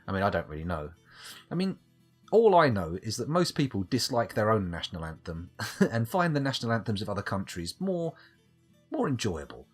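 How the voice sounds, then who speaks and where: Male streamer, casual live chat, rambling and wry, husky edge, faint music behind. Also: lowish voice, very animated, a little fast.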